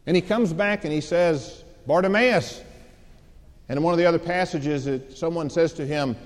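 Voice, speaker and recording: A man's voice: fairly high pitch, fairly quick, darkish tone. A man preaching a sermon, telling a story dramatically and acting out the voices of its people. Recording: long hall reverb.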